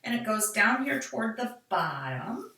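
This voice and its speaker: A woman's voice: on the high side, big pitch swings, unhurried, pushed and bright, slight background noise. A middle-aged woman, casually demonstrating card making and chatting to herself as she works. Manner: chatty, talks to herself while working. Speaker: card-making tutorial host. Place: craft room. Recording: echoey room, mic at a distance.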